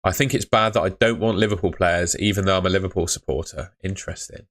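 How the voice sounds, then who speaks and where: A laid-back young man talks in a low voice. He sounds chatty and easygoing as he reads viewer messages aloud during a live stream. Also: fast, fairly bright tone. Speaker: fantasy football streamer. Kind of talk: casual live-stream chat reading comments.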